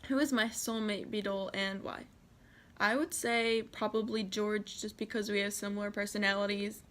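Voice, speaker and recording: A teenage American girl with a mid-range, steady, slightly bright voice speaks at a normal speed. In a casual Q&A tag vlog, she reads questions aloud and answers each one.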